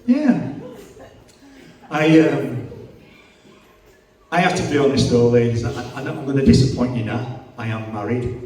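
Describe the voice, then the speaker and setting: A man's voice: medium pitch, expressive, unhurried, long pauses, a little mellow. A middle-aged man with a Yorkshire accent doing crude, self-mocking stand-up comedy and bantering with the crowd in a club. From Yorkshire, England. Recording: echoey club from far off.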